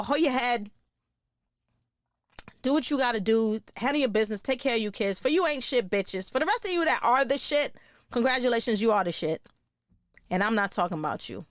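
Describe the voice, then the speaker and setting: A foul-mouthed middle-aged woman hosting a comedy podcast, her voice pitched a little high and recorded dry and close with no room sound. She talks in a blunt, profane rant and laughs at her own jokes. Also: no room sound.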